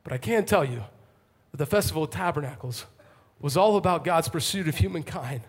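A male pastor delivering an impassioned sermon to a congregation, swinging from fervent calls to hushed intensity. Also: on the high side, animated, fairly quick, husky. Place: church, before a congregation.

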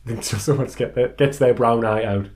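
A man's voice: medium pitch, fairly even intonation, brisk, a little mellow. A man with a mid-range voice chats on his gaming podcast. He reads listener emails aloud and jokes crudely. He swears freely as he talks. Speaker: podcast co-host. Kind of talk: casual chat.

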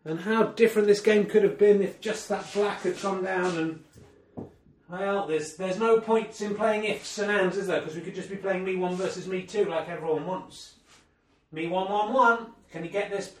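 A man with a high voice, speaking at a normal pace, commentates on a snooker game he's playing against himself, imitating a sports broadcast and adding dry, self-deprecating remarks. A distant omni mic gives the recording a roomy sound.

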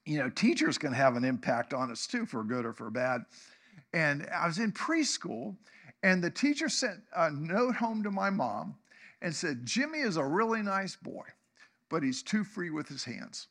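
A man's voice: on the high side, very animated, normal speed, a bit bright. A man, preaching a conversational sermon, often asking the congregation questions and chuckling. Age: 60s. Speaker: pastor.

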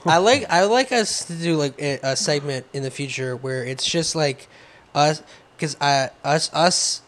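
An animated man with a somewhat high voice, co-hosting a podcast. He launches into quick comic bits in casual banter. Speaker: podcast co-host.

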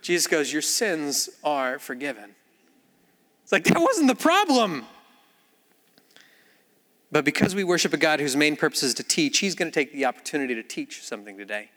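High, bright-voiced animated preacher man. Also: brisk, long reverb tail. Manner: animated storytelling with acted-out voices. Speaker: pastor. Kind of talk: sermon. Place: church.

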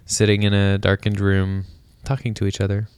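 A man's voice: fairly low pitch, monotone, moderate pace, darkish tone, clean tone, no room sound. A man in his thirties with a nasal voice and a head cold, co-hosting a casual couple's podcast in a laid-back way and laughing often. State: has a cold. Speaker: podcast co-host. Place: darkened room at home. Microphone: studio microphone.

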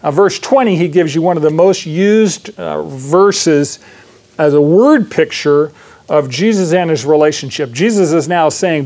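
A man teaching a Bible class in a sermon style, asking the room questions and acting out quick asides. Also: on the high side, a little mellow.

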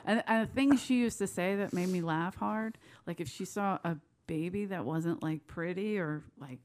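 A woman's voice: fairly low pitch, moderate pace. Laughing woman telling wild stories. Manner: lively, laughing often, swearing freely. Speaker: guest. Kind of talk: casual storytelling chat.

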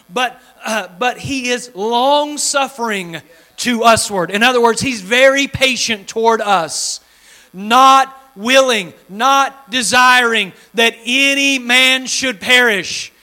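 High, bright-voiced preacher pleading fervently. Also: male voice. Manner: fervent preaching that swings from shouted pleading to low hushed tones. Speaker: pastor. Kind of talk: sermon. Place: church sanctuary before a congregation.

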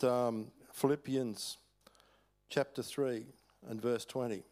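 An older Australian man gives a sermon at church, speaking in a folksy, storytelling way. His voice sits at an ordinary middle pitch. He often chuckles and stops to restart his thoughts. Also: creaky, darkish tone. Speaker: preacher. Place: church hall.

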